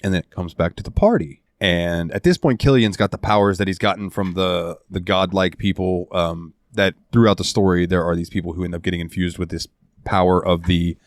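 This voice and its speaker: A man hosting a casual podcast, recounting a game's ending with animated, heartfelt storytelling and some swearing. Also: low-pitched, a little fast, no room sound, studio quality. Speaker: podcast host. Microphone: studio headset mic.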